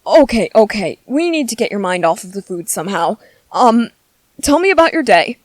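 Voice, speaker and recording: A woman's voice: medium pitch, very animated, moderate pace, no echo, natural voice. A woman voicing a shy, bookish young male soldier in an ASMR audio drama, nervous and stammering. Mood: exasperated.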